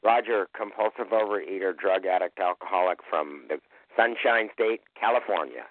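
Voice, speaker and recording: Deep-voiced man sharing by phone. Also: moderate pace. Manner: emotional, candid storytelling. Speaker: meeting member sharing. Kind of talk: personal recovery share. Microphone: phone call. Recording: tinny phone line.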